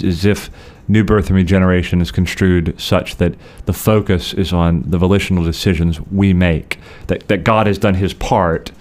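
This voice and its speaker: A man co-hosting a podcast, explaining theology in a measured, conversational way with frequent restarts. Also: sits low, a little mellow.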